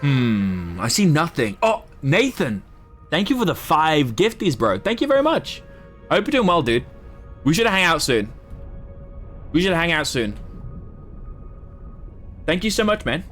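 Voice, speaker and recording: A man's voice: a little high, sing-song, a little slow, long pauses, fairly bright tone, soft background music. A man from Southwest England with an English accent that has American influences. He gives casual, chatty live gameplay commentary and swears freely. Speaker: streamer.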